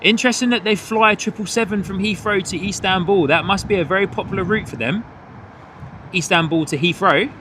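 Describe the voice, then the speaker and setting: Bright-toned excited plane-spotting host man. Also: high-pitched, a little fast, slight background noise. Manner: excited, calls out each departure and greets viewers. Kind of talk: live commentary. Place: hotel third floor overlooking an airport runway.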